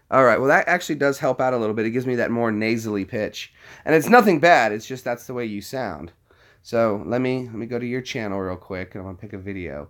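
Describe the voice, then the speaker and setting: A man in a casual vlog chats to his camera at an ordinary, middling pitch. He rambles, restarts and chuckles as he thinks aloud while browsing. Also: fast talker, fairly bright tone. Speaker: vlogger.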